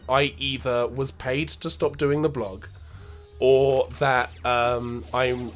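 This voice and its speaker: A man with an English accent co-hosting a casual gaming show, chatting in a rambling, self-deprecating way. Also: medium pitch. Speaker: co-host. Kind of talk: casual podcast chat while playing games.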